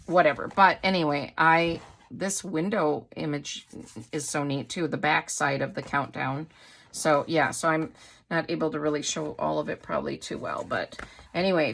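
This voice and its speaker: Chatty Midwestern woman, low-voiced craft vlogger. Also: fairly bright tone. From Wisconsin, USA. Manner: chatty, rambling, gushing. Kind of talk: casual haul chat to camera.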